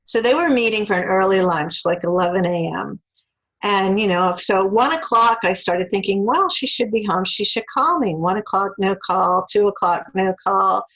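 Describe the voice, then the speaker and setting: A woman's voice: mid-range voice, moderate pace, poor audio. A woman, an interview guest, telling a personal story in a casual way and acting out the lines of the people in it. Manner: animated, acts out quoted dialogue.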